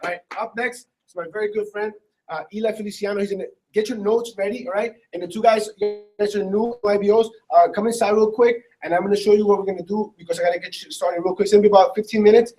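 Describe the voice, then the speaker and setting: Brisk man organizing a training session. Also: high-pitched, fairly even intonation, music in the background, low-quality recording. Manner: brisk, directing people around. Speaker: team organizer introducing speakers. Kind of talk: addressing a training group.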